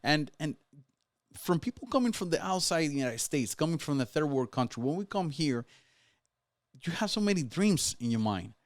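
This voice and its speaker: A man's voice: a little high, big pitch swings, moderate pace, dry recording, studio quality. A man with a Dominican Spanish accent, a Spanish speaker, talking politics as a guest in a casual chat in a fervent, urging way. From Dominican Republic. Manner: fervent, urging, tags lines with "right?".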